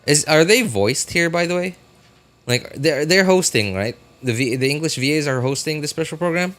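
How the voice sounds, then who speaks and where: A man's voice: on the high side, lively intonation, normal speed, a bit bright, soft background music. Chatty streamer man rambling. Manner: rambling, chatty, many fillers and restarts. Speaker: streamer reacting to a livestream. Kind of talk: casual live reaction chat.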